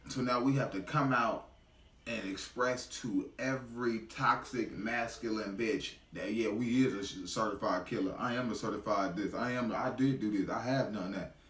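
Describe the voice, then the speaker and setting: A man's voice: on the low side, moderate pace, fairly bright tone, echoey room, far from the mic. A man giving a heated, profane reaction commentary in blunt street slang.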